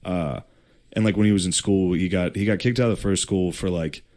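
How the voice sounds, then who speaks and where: Low male voice, podcast host, casual profane storyteller. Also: steady tone, a little fast, a little mellow. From Irish heritage. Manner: loose storytelling with swearing and put-on voices. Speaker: podcast host telling history.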